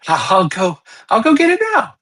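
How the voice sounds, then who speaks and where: A man's voice: sits high, sing-song, normal speed, fairly bright tone, breathy edge, pitched above the performer's own voice, heavily acted. Man putting on a flustered stammering old rabbi. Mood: nervous. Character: nervous fussy older male rabbi.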